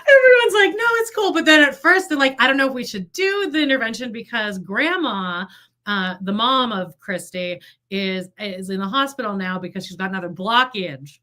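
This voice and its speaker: Her voice sits on the high side at normal speed as she co-hosts a laid-back gossip podcast. Lively and frequently swearing, she acts out the words of others.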